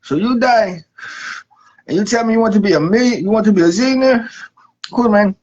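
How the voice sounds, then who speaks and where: A man's voice: sits high, a little fast, darkish tone. A man voicing God as a laid-back regular guy who swears a lot and keeps saying "man". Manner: casual, profane, ends lines with "man". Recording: dull lo-fi recording.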